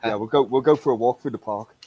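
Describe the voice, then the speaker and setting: A man's voice: medium pitch, quick pace, darkish tone, husky, highs cut off. A man with a British accent joking and bantering on a casual live stream.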